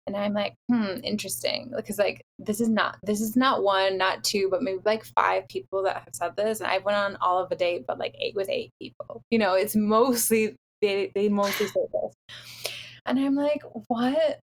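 A woman's voice: mid-range voice, moderate pace, a little hiss or hum. Chatty young woman telling a dating story. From Los Angeles area. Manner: animated storytelling, frequent "like" fillers. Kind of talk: casual chat.

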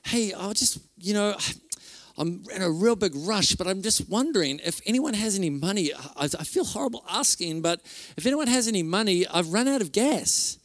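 A male preacher voicing a flustered, apologetic woman in a hurry, stammering and halting as she asks for help. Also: high-pitched, expressive, no room sound, pitched above the performer's own voice. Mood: pleading. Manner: halting, stammering, breathless asking.

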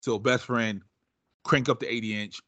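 A man's voice: medium pitch, moderate pace, no echo. Teasing male podcast host. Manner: animated, teasing. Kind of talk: casual podcast banter.

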